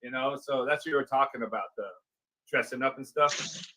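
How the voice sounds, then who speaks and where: A man's voice: mid-range voice, steady tone, a little fast, sharp tone, rough recording. A man on an online call telling rambling stories and laughing easily. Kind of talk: casual group chat on a live stream.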